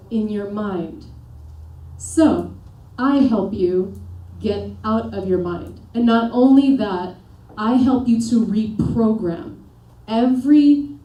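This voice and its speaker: Woman coach hyping up a seminar crowd, mellow voice, roomy echo from far off. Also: mid-range voice. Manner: energetic, rallying the audience with questions and commands. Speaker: peak performance coach. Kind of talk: motivational seminar talk. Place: seminar room with a live audience. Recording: echoey room, voice picked up from a distance.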